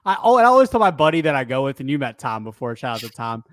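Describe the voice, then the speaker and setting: A man's voice: medium pitch, very animated, racing, a bit bright, no room sound, studio quality. A man co-hosting a casual sports podcast, talking loosely with lots of fillers, restarts and self-corrections. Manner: rambling, frequent fillers and restarts. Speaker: podcast co-host.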